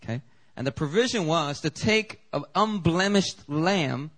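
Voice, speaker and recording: Lively, conversational male preacher. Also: on the high side, rough recording. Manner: animated, conversational preaching with quick asides. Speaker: pastor. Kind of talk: sermon. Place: church sanctuary.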